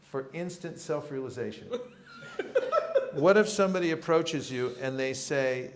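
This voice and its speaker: A man's voice: medium pitch, measured pace, slight background noise. A man leading a seminar for a live audience, talking playfully and acting out street encounters with a joking manner. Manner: humorous, acts out street encounters. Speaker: seminar teacher. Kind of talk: lively seminar talk. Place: temple hall with audience. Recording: roomy echoing hall.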